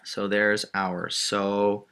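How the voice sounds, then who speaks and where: A man's voice: fairly low pitch, level tone, takes it slowly, a bit bright, clear, resonant tone. A male math teacher patiently walking through a word problem step by step while drawing a diagram. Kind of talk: screen-recorded math lesson.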